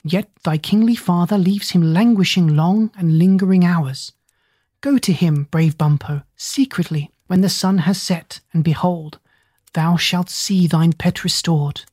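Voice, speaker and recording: A reader voicing a parrot who pretends to be a fairy queen, speaking in a small, high voice with slow, solemn, old-fashioned phrasing. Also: a little mellow, no echo, natural voice. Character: parrot posing as a whispery, grand fairy queen.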